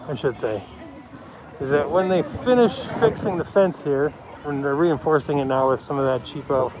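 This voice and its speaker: A man from the Pacific Northwest gives rambling, casual live-stream commentary while filming a city street protest on his handheld phone. He is chatty and often drops to a low voice, with loud crowd noise all around.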